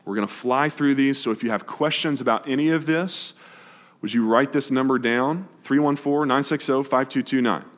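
A man preaching to his congregation, casual and brisk, moving quickly between scripture and plain explanation. His medium-pitched voice carries a long reverb tail off the walls of the church sanctuary. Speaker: pastor. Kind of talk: sermon.

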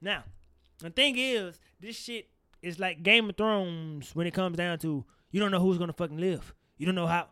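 A man's voice: sits high, moderate pace, smooth, dry recording, studio quality. A man co-hosting a casual podcast chat, talking animatedly and swearing freely. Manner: animated, swearing, laughs often. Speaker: podcast co-host.

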